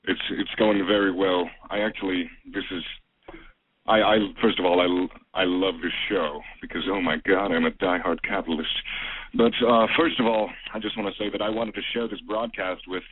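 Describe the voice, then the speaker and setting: A man's voice: deep voice, fairly even intonation, moderate pace. A man calling in to a radio show, talking eagerly with stammers and restarts. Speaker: caller. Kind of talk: casual call-in chat. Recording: tinny phone line with faint noise.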